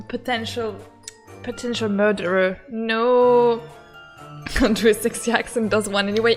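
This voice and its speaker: A young woman commenting excitedly while playing a game, gushing and laughing often. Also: fairly high pitch. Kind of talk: excitable let's-play commentary.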